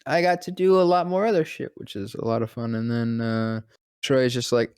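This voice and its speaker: Young male voice actor, rambling, profane storyteller, dry close sound, mid pitch. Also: darkish tone, clean tone, no room sound. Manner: rambling, profane, quick to laugh. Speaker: podcast guest, voice actor. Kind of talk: casual storytelling chat.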